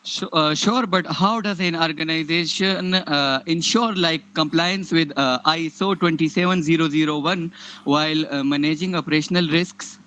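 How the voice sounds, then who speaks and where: A man's voice: a little high, fairly even intonation, moderate pace, sharp tone, a little hiss or hum. A man on a video call asking questions as a beginner attendee, hesitant and polite, stammering often. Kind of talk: question and answer. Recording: dull lo-fi video call audio.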